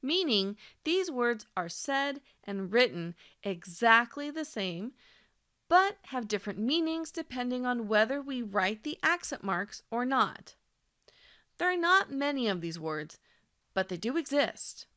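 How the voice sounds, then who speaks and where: A woman narrates a scripted language lesson with a bright, ringing tone. Her pitch rises and falls in a lively way. She speaks clearly and deliberately and slows down on example words. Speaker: language teacher.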